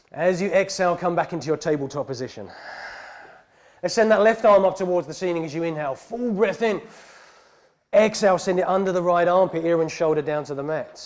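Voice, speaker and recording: A male yoga teacher leads a class in a heated studio, calling out each breath and pose in a steady, calm way. His voice sits a little higher than most men's. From England. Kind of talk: guided yoga class instruction.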